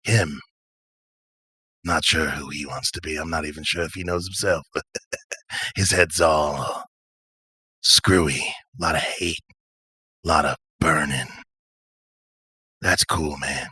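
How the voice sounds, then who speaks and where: A man's voice: extremely low pitch, slow pace, long pauses, sharp tone, husky, pitched below the performer's own voice, heavily acted. A man voicing an easygoing male mind-reader who loves to jam and talks in a drawling, probing way.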